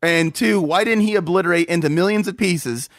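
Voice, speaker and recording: A young man co-hosting a casual movie review chat, animated and laughing as he mocks the film. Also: high-pitched, fairly quick, no room sound, studio quality. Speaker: podcast co-host.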